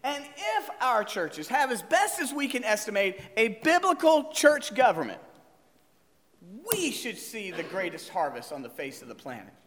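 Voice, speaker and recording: A man preaching a sermon as pastor, animated and questioning his congregation. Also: high-pitched, normal speed, big-room sound.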